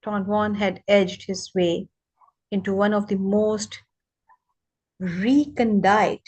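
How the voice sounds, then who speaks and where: A woman reading a book aloud on a live session, briskly and with small stumbles. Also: mid-range voice, level tone, a little mellow, rough recording.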